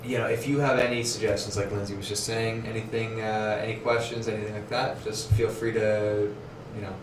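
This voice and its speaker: A man's voice: lowish voice, level tone, fairly quick. A man co-hosting a casual podcast, hesitant and agreeable, with many fillers. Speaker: podcast co-host. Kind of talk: casual chat. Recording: echoey room, distant from mic, noisy.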